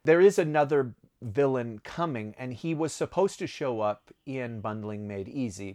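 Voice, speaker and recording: A man talking casually about his own writing, rambling, correcting himself and laughing at his stories. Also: mid-range voice. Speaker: author answering reader questions. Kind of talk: casual chat.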